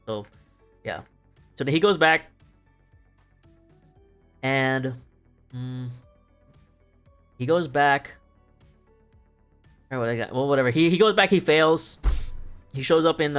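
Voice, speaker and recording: A man's voice: medium pitch, measured pace, pauses often, a bit bright, clear, resonant tone. A young man streaming, casually retelling a play in a rambling, profane way, laughing often. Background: faint music.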